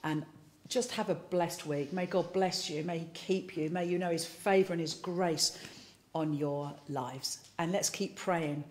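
A woman's voice: on the low side, fairly even intonation, measured pace, darkish tone, slight background noise. Chatty woman leading church service. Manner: chatty and playful, talks while eating biscuits. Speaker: service leader. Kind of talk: casual closing remarks to an online congregation.

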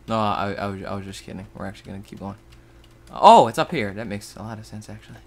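A young man hosting a game video, giving goofy, jokey commentary that keeps jumping into silly high exclamations. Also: a little fast, pauses often, darkish tone, a little hiss or hum. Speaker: gaming channel host. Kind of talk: let's play game commentary.

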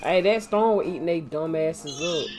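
A woman streaming a shooter game, chatting loudly and profanely with a friend over a headset, her throat strained as if her voice is giving out. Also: sits low, moderate pace, music in the background. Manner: loud, profane, teasing banter. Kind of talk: casual gaming chat. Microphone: gaming headset.

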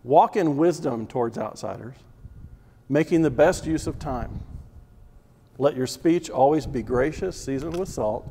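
A man's voice: mid-range voice, a little slow, dark tone, a little hiss or hum. A man teaching a Bible class as a sermon, preaching emphatically with repeated phrases and rhetorical questions. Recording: long reverb of a large hall.

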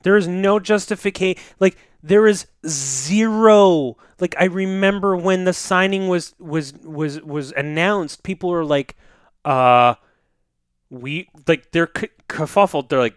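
A man chats on a hockey podcast, rambling from one joke to the next with plenty of swearing and mumbled asides. His voice is smooth and clear, recorded close on a mic in a dead, dry room. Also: high-pitched, a little slow, no echo. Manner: rambling, joking, profane, trails off into mutters. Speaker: podcast co-host. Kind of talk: casual podcast banter.

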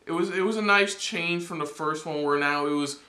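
Guy hosting a reaction vid, stop-start talk, kinda highish voice. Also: brisk, pushed and bright, roomy sound. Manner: hesitant, many restarts. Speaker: co-host. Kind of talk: casual reaction chat.

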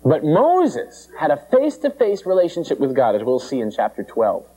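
A male preacher giving a conversational, animated sermon and acting out the characters in the story. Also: a little high, normal speed, breathy edge, rough recording.

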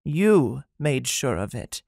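A man voicing a calm woman who speaks slowly and measured. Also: mid-range voice, gravelly, dry recording, clean studio sound, pitched above the performer's own voice.

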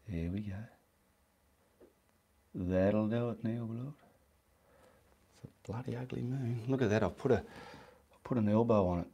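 His voice is lowish, warm and creaky, moving at a measured pace with frequent pauses, and there's a slight hiss or hum. This painting instructor chats casually through a live demonstration in his home studio indoors, talking while working and muttering between steps.

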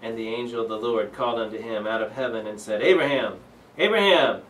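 A man's voice: lowish voice, completely flat delivery, fast, echoey room, recorded from a distance, slight background noise, low-quality recording. A man leading a Bible study, reading scripture aloud and explaining it earnestly, with many fillers and restarts. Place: church room.

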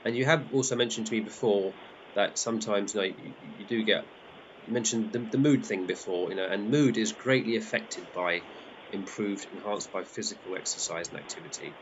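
A man hosting a group in excitable, chatty live commentary, often laughing as he talks. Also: fairly low pitch, a little fast, dull audio, background noise. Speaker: group host.

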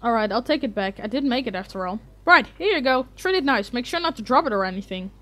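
Young woman, casual gaming commentary, slightly high voice, chatty, restarts sentences. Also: lively intonation, fast, pushed and bright. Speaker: let's play gamer.

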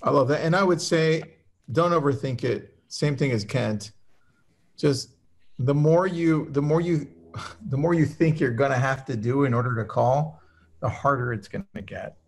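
A man's voice: mid-range voice, moderate pace. A man co-hosting a webinar in casual chat, upbeat and enthusiastic as he tells stories. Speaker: webinar co-host.

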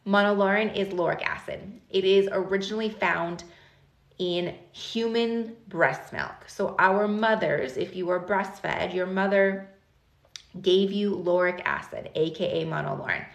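A woman in her thirties hosting a live stream, talking casually and directly to her viewers in an animated, chatty way. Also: medium pitch, measured pace, gravelly. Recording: echoey room.

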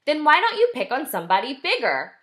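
A woman's voice: high-pitched, huge pitch swings, brisk, pushed and bright, pitched above the performer's own voice, exaggerated voice. A woman voicing a sweet, friendly female ladybug who speaks kindly in a storybook. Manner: sweet, polite.

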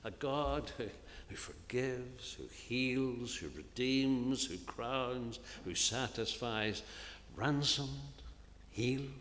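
A man preaching an earnest sermon in a church, often dropping to a soft, hushed voice on key phrases. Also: medium pitch, lively intonation, takes it slowly, a little hiss or hum. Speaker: minister preaching. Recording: long reverb of a church hall, faint ambience.

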